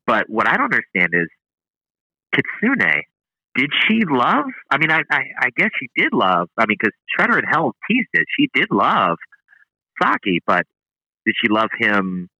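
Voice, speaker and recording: A man's voice: mid-range voice, huge pitch swings, moderate pace, pushed and bright, dry recording, rough recording. A man appearing as a guest on a podcast, chatting casually and agreeably about a comic book. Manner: agreeable, easygoing, thinks aloud.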